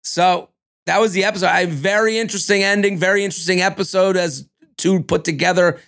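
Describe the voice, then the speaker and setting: A man co-hosting a podcast, chatting casually about a reality dating show, animated and cussing, now and then acting out cast members. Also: sits high, a little fast. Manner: animated, swearing, acts out cast members in exaggerated voices. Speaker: podcast co-host. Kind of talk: casual reality-TV recap chat.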